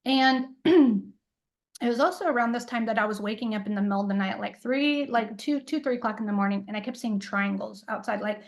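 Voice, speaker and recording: Woman guest on an interview, kinda high voice, rambles and says "like" a lot, acts out the quotes. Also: brisk, low-quality recording. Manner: rambling, filler-heavy storytelling, acts out quoted dialogue. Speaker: interview guest, intuitive coach. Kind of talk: casual storytelling interview.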